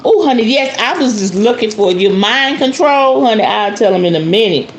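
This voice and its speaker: A woman hosting her spiritual channel, chatting to viewers while she unboxes a purchase. She is animated and playful and often calls her viewers "y'all" and "honey.". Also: a little high, normal speed, a little hiss or hum. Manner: excitable storyteller, acts out shop talk.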